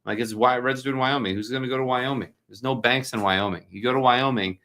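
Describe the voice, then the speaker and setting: A man's voice: mid-range voice, fairly even intonation, fast talker, pushed and bright. A man from New Jersey hosting a casual livestream, answering viewer questions in a chatty, joking, rambling way with many fillers.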